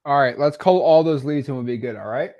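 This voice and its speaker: A man in his twenties, a coach hosting a live call, relaxed and teasing, with plenty of fillers. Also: mid-range voice, fast, highs cut off. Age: 20s. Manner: laid-back, teasing, with many fillers.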